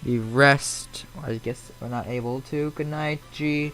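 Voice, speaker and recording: A man's voice: medium pitch, steady tone, slow pace, a bit bright, soft background music. A man streaming a flight simulator from home, chatting loosely and answering viewers' messages aloud as they come in. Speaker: flight sim live streamer. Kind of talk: casual live-stream chat.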